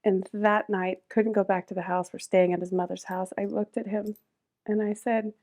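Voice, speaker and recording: A middle-aged woman with a gravelly, fry-tinged voice recounts a personal story as a podcast guest. Her delivery swings between raised, urgent stretches and hushed, quiet ones, and her pitch stays at an ordinary middle level. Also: level tone, normal speed.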